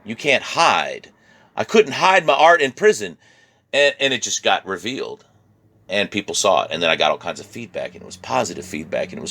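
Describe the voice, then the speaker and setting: Speaking in a fairly low, sing-song voice with a sharp tone, this Virginia-born man talks a little fast about his artwork in a reflective vlog. His accent is a mix that leans Midwestern, and he laughs and repeats words a lot.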